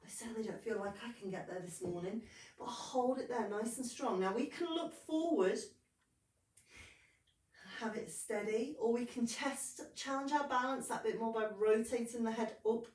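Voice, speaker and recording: A woman's voice: on the high side, moderate pace, distant mic. Woman yoga teacher talking through poses, a bit off-mic in an echoey room. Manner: calm step-by-step cueing, breath counts, light humor. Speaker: yoga instructor. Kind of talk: guided yoga instruction.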